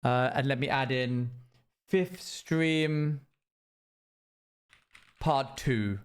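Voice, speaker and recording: A man's voice: mid-range voice, steady tone, extremely slow. A British man chatting loosely to his live-stream audience while gaming, rambling and self-mocking.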